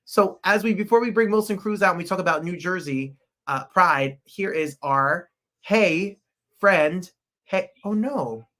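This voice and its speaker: A man hosting a podcast in casual, excitable, rambling livestream chat. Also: high voice, unhurried. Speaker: podcast host.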